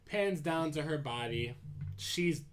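Casual podcast voice, rambling retelling, frequent ums, mid pitch. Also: expressive, slow pace. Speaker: podcast co-host recapping a movie. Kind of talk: casual chat.

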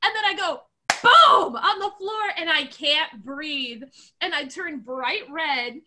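A woman co-hosting a podcast, telling a story in a loud, laughing, animated way, swearing and acting out the voices. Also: high voice, slow, a little hiss or hum. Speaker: podcast co-host. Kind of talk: animated storytelling in casual chat.

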